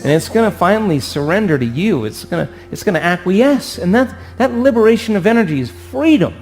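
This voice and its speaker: A man giving an animated motivational talk to an audience, acting out voices and asking for agreement. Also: high voice, brisk. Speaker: speaker.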